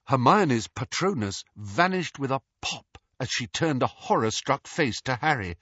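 A man reading an audiobook with lively, expressive storytelling. His voice is bright and a little husky. The recording is dry and dull, like a close studio read. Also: medium pitch, a little slow, no room sound. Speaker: audiobook narrator. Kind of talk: scripted narration.

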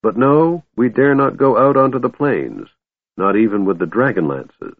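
A man's voice: medium pitch, lively intonation, moderate pace, no echo, pitched above the performer's own voice. A man voicing a weary, bitter young elf woman commander, sighing through her lines. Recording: tinny phone-like line, dry.

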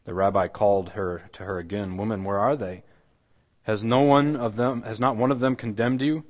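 A man preaching a sermon, retelling a scripture story dramatically and dropping his voice to a near hush. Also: lowish voice, steady tone, normal speed, in a large hall, lo-fi sound. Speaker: pastor. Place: church.

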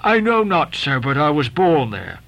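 A man's voice: on the high side, sing-song, moderate pace, gravelly, fairly bright tone, full character voice, poor audio. A man voicing a humble old grey-haired sailor who answers deferentially. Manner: deferential, says sir often.

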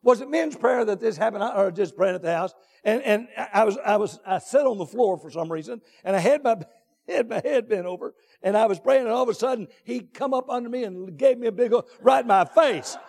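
A man with a very high voice preaches in a church, his words ringing out in a long hall reverb. He drags out his phrases and repeats them, then shouts his key points. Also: expressive, vocal fry. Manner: drawn-out deliberate phrasing with repetitions. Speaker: pastor. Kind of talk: sermon. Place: church sanctuary.

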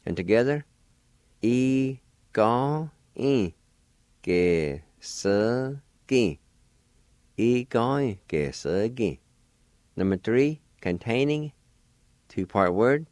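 A man's voice: medium pitch, lively intonation, a little mellow, no room sound, studio quality. A man hosting a radio language lesson, pronouncing words syllable by syllable and encouraging listeners. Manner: slow, careful syllable-by-syllable pronunciation. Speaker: radio host and language teacher.

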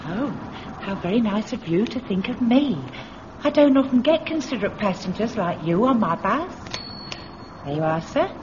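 A brisk, chatty bus conductor, voiced by a woman. Her fairly high voice swings up and down as she chats. It is heard through a dull, hissy old radio recording. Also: animated, close to an everyday voice.

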